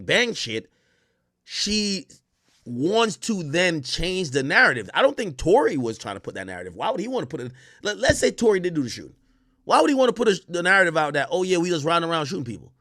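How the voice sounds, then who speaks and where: A man hosting a casual stream, talking to his chat in animated, profane commentary and acting out quotes. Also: fairly high pitch, no echo, clean studio sound. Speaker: streamer host.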